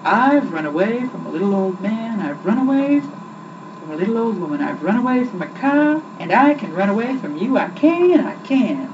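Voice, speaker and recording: A cocky little storybook gingerbread boy, put on by a woman reader, bragging in a high sing-song chant. His voice leaps up and down. It sounds muffled and far from the mic, with loud hiss behind. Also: very animated, moderate pace, close to an everyday voice. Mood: taunting. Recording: muffled distant recording with loud background hiss.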